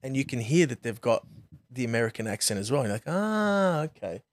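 A man's voice: mid-range voice, fast talker, dry recording. A man with an Australian accent, a comedian guest in casual chat, explaining eagerly.

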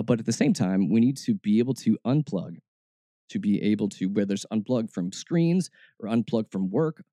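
A podcast host speaks casually and reflectively on his faith podcast, often restarting his words. His voice is fairly low and mellow, captured in clean studio sound with no echo.

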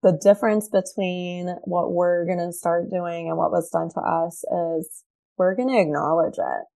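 A woman in her thirties, a behavioral health therapist appearing as a podcast guest, speaks earnestly and emphatically, repeating her key points in a conversational interview. Her voice is lowish and warm with vocal fry, at a normal speed.

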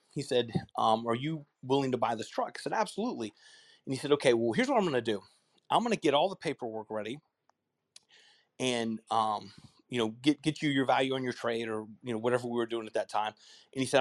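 A man's voice: mid-range voice, no echo. A man telling a casual anecdote, acting out both sides of phone calls with many restarts and repeated words. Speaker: speaker telling a customer-service story.

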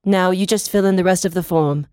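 A podcaster voicing a bright, businesslike young girl with a clipboard in a fan fiction reading. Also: mid-range voice, fairly even intonation, smooth, no room sound, clean studio sound, pitched above the performer's own voice, natural voice. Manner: brisk and bright.

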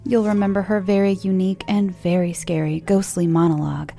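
A woman's voice: lowish voice, level tone, fairly quick, vocal fry, mellow. A woman hosting a story podcast, giving a scripted introduction to the next author. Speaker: host.

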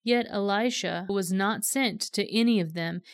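A woman reads scripture aloud in a steady, measured way. Her voice is smooth and resonant, and the recording is dry and close with no room echo. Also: medium pitch. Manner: steady, measured storytelling delivery. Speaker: scripture reader.

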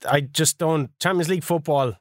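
A man co-hosting a podcast in casual chat, animated and laughing, swearing freely. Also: fairly high pitch, normal speed, no room sound, clean studio sound. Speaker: podcast co-host.

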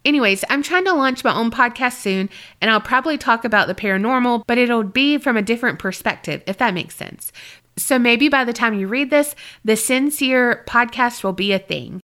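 A woman's voice: a little high, sharp tone. A woman co-hosting a paranormal podcast, reading a listener's story aloud and chatting. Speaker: podcast co-host.

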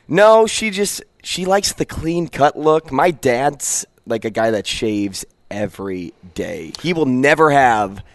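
A hoarse young man co-hosting morning radio, chatty and self-deprecating. His pitch swings lively as he tells stories. The sound is close and dry. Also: takes it slowly, few pauses, no echo. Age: 20s. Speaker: radio show co-host. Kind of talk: casual morning radio chat. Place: radio studio stage.

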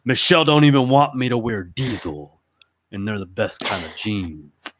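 A man telling a rambling comedy story in a gruff, ungrammatical, slangy way. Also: fairly low pitch, lively intonation, moderate pace, fairly bright tone, no room sound, studio quality.

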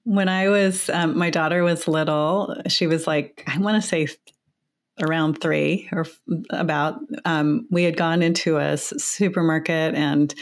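A woman who teaches mindfulness, a guest on the show who talks through a guided meditation in a slow, soothing way. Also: low-pitched, fairly even intonation.

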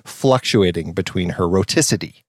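A man's voice: sits low, normal speed, no echo, studio quality. A man co-hosting a casual movie podcast, chatty and self-deprecating, sometimes reading lines from his notes. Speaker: podcast co-host.

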